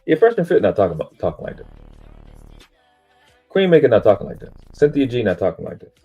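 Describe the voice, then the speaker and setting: A man's voice: medium pitch, sing-song, fast talker, mellow, slightly rough, muffled recording, faint music behind. A man on a live stream lecturing about spiritual teachings in an emphatic, preachy way, swearing casually and boasting about himself. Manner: self-aggrandizing, spiritual teaching tone. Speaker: panel speaker on a live stream.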